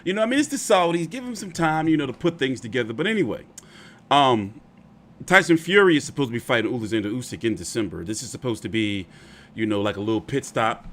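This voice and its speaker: A man commentating on boxing clips in a casual, exasperated, animated way, swearing freely. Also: medium pitch.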